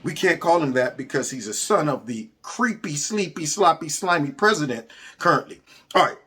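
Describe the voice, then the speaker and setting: A man hosting his own show, giving casual, mocking commentary on memes with frequent laughs and sudden high exclamations. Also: lively intonation, normal speed, bright, forceful tone, breathy edge. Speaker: host of a commentary channel.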